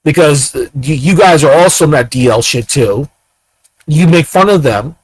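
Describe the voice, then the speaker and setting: A man host delivering an angry, profane, rapid ranting monologue. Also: fairly high pitch, animated, dry recording, poor audio.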